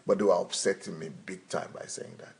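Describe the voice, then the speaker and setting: A man's voice: low voice, steady tone, fairly quick, vocal fry. A man in his fifties, a pastor speaking bluntly and insistently in a live question-and-answer talk. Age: 50s.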